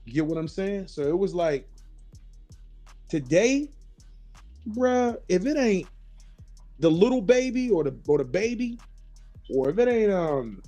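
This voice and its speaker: A man's voice: sits high, sing-song, unhurried, pauses often, mellow, soft background music. A man hosting a casual chat, telling stories with lots of swearing and acted-out quotes. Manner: storytelling, swears freely, acts out quotes. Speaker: host.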